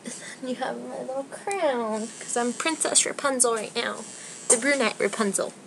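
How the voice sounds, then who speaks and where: With a fairly high voice, vocal fry, and a moderate pace, a young woman gives a casual hair tutorial at home against a noisy background. The beauty vlogger sounds a little out of breath and is chatty and self-deprecating, rambling with many "likes."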